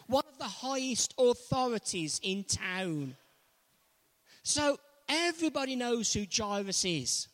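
A man's voice: high-pitched, fairly bright tone. A man preaching a sermon, retelling a story with emphatic repetition. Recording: long reverb of a large hall.

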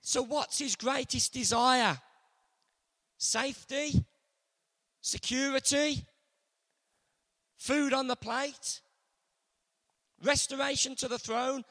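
A man preaching a sermon earnestly, moving between loud emphasis and hushed, intimate passages. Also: very high-pitched, fairly even intonation, takes it slowly, long pauses. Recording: long hall reverb.

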